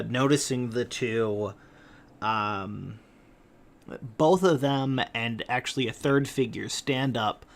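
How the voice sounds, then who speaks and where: A man's voice: mid-range voice, a bit bright. A man narrating a tabletop game as game master, hesitant, with frequent ums and uhs.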